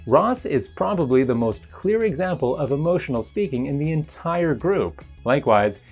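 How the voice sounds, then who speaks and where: A teacher talks through a pronunciation lesson in a scripted, explanatory narration. The pitch moves a lot from phrase to phrase while the delivery stays measured and even. Faint music plays underneath. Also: husky. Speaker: English teacher.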